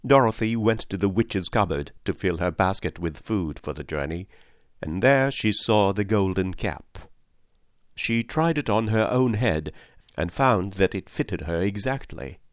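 A man narrates a classic children's story in a calm, measured reading voice. His pitch sits on the low side. The recording is dry and close, with no room sound. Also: dry recording. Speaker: audiobook narrator.

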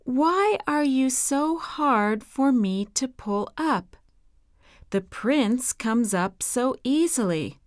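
Innocent storybook maiden, young and soft-spoken, lifted and sweet, as a woman reader plays her. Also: high voice, lively intonation, takes it slowly, no echo, clean studio sound, pitched above the performer's own voice. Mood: earnest. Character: innocent young girl in a tower.

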